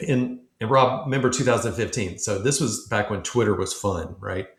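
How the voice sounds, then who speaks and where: A man with a low, gravelly voice tells a story casually as a podcast guest, slipping into the voices of the people he quotes. He is recorded in a room with a noticeable echo. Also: moderate pace. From Memphis, United States. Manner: animated storyteller acting out quoted dialogue. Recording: echoey room.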